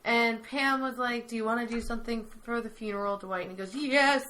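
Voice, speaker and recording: Bright, lively woman recapping episodes. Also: on the high side, fast talker, slight background noise. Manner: animated retelling, acting out quoted lines. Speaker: podcast co-host. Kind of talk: casual recap chat.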